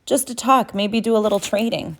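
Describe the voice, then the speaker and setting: A woman reading the lines of a friendly, ragged young male Confederate soldier who speaks softly with a Southern drawl. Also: brisk, lightly acted. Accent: American Southern drawl. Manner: soft, low, folksy.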